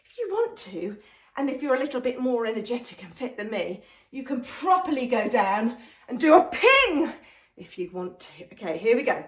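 High-voiced English woman leading a sing-along. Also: normal speed. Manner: energetic, encouraging, chanting and singing. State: out of breath. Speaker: teacher leading a class energiser. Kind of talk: lively sing-along warm-up. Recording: echoey room.

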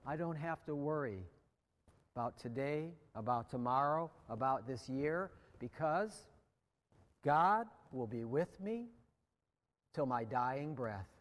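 An American man preaching a sermon as pastor, slow and deliberate, letting phrase endings drop quiet. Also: mid-range voice, lively intonation, long reverb tail. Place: church sanctuary.

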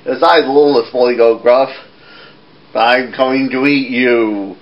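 A man's voice: medium pitch, fairly even intonation, a little slow, dull audio, lightly acted. A man voicing a small timid billy goat who pleads and stammers in a puppet show. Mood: pleading.

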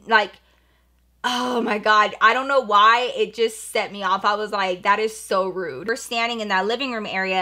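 A young woman makeup artist telling an animated storytime in a vlog, full of slang and acted-out quotes. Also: a little high.

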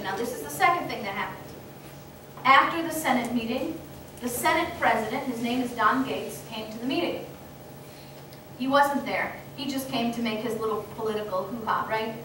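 A high-voiced woman tells a story to a gathered crowd, acting out the lines she quotes. Her tone is bright and carrying. She sounds far from the mic, in a strongly echoing meeting hall with faint background noise. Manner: animated, acts out quoted exchanges. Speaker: speaker at a political meeting. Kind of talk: storytelling speech to an audience.

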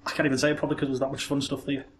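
Excitable man in an echoey room. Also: medium pitch, rapid-fire. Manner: excitable, laughs often, repeats words for fun. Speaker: podcast co-host. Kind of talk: casual chat. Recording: echoey room with faint hiss.

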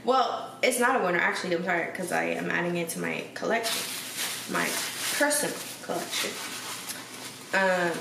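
A woman's voice: lowish voice, fairly quick, vocal fry. A woman vlogging at home in a chatty, sassy, slangy way, talking straight to her viewers. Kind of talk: casual vlog chat. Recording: echoey room, distant from mic, noisy.

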